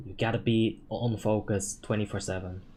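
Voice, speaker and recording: A man streaming a game live, answering chat questions in a relaxed, talkative way and swearing now and then when a play goes wrong. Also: fairly low pitch, normal speed, slight background noise. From Netherlands. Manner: relaxed, chatty, thinks out loud, swears when frustrated.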